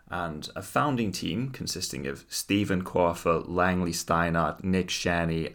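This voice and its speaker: A man's voice: low voice, gravelly, fairly bright tone. A man co-hosting a casual chat show, narrating a story with wry, mock-dramatic asides. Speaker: podcast co-host.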